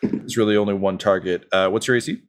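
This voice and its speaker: Young male game master, lowish voice, halting narration full of fillers. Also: fairly even intonation. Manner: halting, many ums and uhs.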